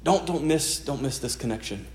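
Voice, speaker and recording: A man's voice: medium pitch, animated, moderate pace, a little mellow. A male pastor preaching a sermon in an earnest, conversational way, often repeating key phrases. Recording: echoey room sound.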